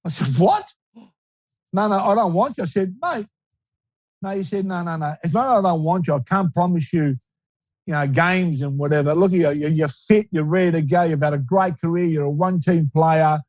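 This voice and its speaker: A man's voice: fairly high pitch, brisk, darkish tone, no room sound, poor audio. A man in his sixties with an Australian accent, a retired footballer telling stories in a casual, rambling interview style. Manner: rambling, repeats words, laughs easily.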